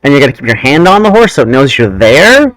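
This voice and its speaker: A young man chats casually as the host, his pitch swinging widely as he wanders through a story and trails off on tangents. The sound is close and dry, with no room around it. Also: very animated, fast, a bit bright, no room sound, poor audio. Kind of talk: casual chat.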